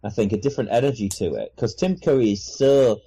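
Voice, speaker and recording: A man's voice: mid-range voice, lively intonation, fast talker, creaky, mellow, slightly rough. A man from Yorkshire with a Yorkshire accent, a podcast guest in casual chat who laughs often and adds thoughtful asides.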